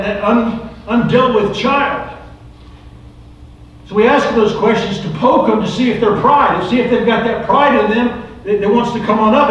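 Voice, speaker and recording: Brief: middle-aged male preacher, high voice, repetitive rhetorical style, distant mic in a very echoey room. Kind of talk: recovery ministry sermon.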